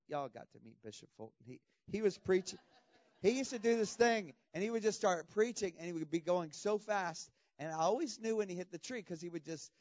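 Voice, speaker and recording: A man preaching a lively sermon to students, with laughs and sudden shouting bursts. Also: fairly high pitch, no room sound, lo-fi sound. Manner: animated, laughing, bursts into loud shouts when imitating. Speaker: pastor.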